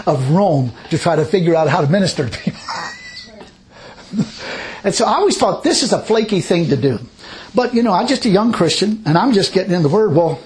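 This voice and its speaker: High-voiced folksy preacher. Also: male voice, a little mellow. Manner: folksy, chuckling storyteller. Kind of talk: sermon with personal storytelling.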